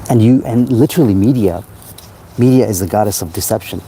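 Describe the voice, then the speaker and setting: A man's voice: on the low side, fairly quick, warm tone, a little hiss or hum. A man talking in a rambling, self-help way on a casual livestream, outdoors at night by a parked car, into a phone.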